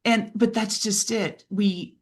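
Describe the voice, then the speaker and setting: A woman speaking as a podcast guest and business mentor, telling lively stories, acting out quoted voices and often asking "right?". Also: mid-range voice, slow. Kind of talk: animated interview conversation.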